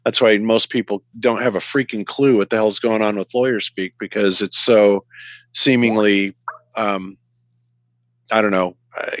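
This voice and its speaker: Low-voiced man rambling on a muffled call. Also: fairly even intonation, measured pace, dry recording. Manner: rambling, hesitant. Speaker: podcast co-host. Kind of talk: casual chat.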